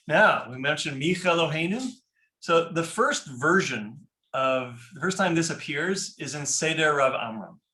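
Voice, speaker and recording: Bright-voiced man teaching a class. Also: on the high side, echoey room. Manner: explanatory, often checks in with "right?". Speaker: teacher leading a prayer-book class. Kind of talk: informal class lecture.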